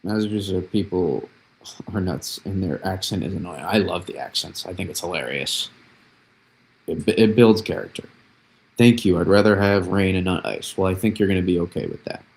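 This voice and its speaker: A young man from New England talks through a storm forecast on a livestream in a low, gravelly voice. He rambles, doubles back on his words and reads viewers' questions aloud before he answers them. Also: normal speed. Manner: rambling, reads chat aloud, repeats himself. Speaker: weather livestream host. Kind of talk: casual livestream weather analysis.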